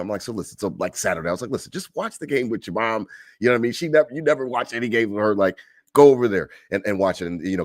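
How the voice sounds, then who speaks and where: A man with a low voice talks quickly and animatedly in a casual sports chat. He swears freely and acts out the other voices in his story. The sound is dry and close to the mic. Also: no echo. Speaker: podcast co-host.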